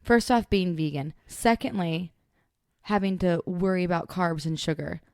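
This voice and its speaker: A woman's voice: lowish voice, moderate pace, clean tone, no room sound, clean studio sound. A young woman co-hosting a podcast, telling a story in casual chat and acting out what people said. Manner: animated storyteller, acts out quotes. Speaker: podcast co-host.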